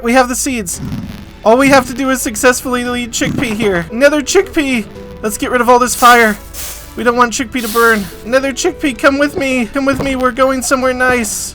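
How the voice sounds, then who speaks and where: Excitable gamer coaxing in-game chickens. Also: mid-range voice. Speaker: gaming video creator. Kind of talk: Minecraft survival commentary.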